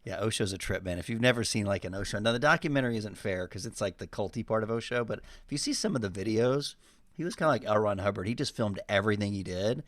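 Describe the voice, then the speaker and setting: A man co-hosting a podcast, joking in relaxed banter. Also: on the low side, fast, no echo, clean studio sound. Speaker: podcast co-host. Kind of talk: casual chat.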